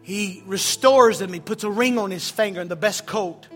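A man's voice: high voice, normal speed. A male pastor preaching an impassioned sermon in a church hall, full of rhetorical questions. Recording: reverberant hall with soft music.

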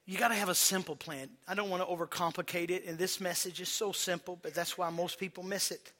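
High bright-voiced guy preaching, gets the crowd to repeat stuff back, goes from soft and slow to loud. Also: fairly even intonation. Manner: preaching with call-and-response to a congregation; swings from quiet and slow to loud and emphatic. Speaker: pastor. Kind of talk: sermon.

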